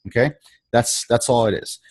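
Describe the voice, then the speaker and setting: A man's voice: mid-range voice, moderate pace, darkish tone. A man coaching a sales trainee on a video call, talking in a casual, repetitive way and acting out the lines he quotes.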